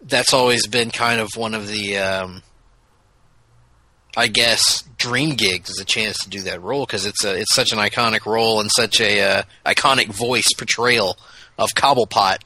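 Brief: jokey podcast co-host, very bright voice, dry close sound. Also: male voice, lowish voice, steady tone, moderate pace, no room sound, poor audio. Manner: jokey, breaks into impressions. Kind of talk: casual chat.

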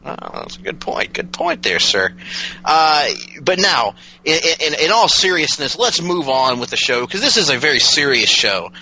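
A man's voice: on the high side, sing-song, moderate pace, bright, forceful tone, slight background noise, poor audio. A man co-hosting a casual podcast, joking around and laughing often. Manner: joking, playful, bursts of laughter. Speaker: podcast co-host. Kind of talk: casual comedic podcast chat.

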